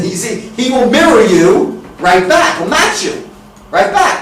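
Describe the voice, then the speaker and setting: A high-voiced man teaches a room of salespeople, blunt and swearing freely, sometimes shouting out exaggerated sample lines. He stands well back from the mic, and his voice bounces around a very echoey room. A faint hum of room noise sits underneath. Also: very animated, a little slow, far from the mic. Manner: blunt, profane, swings into loud exaggerated demonstrations. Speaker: sales trainer. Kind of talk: live sales training talk.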